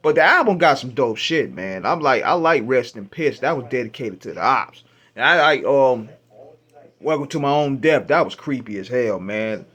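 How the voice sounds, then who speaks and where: A man hosting a radio show, casually retelling his first listen to an album, with an animated, profane, laughing delivery. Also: medium pitch, normal speed, husky. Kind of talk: casual storytelling album review.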